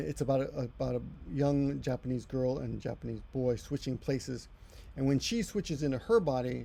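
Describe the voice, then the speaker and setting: A middle-aged man teaching Japanese in a relaxed lesson has a mid-range, creaky, mellow voice with a breathy edge. His explanations ramble, loop back for self-corrections, and wander into chatty asides.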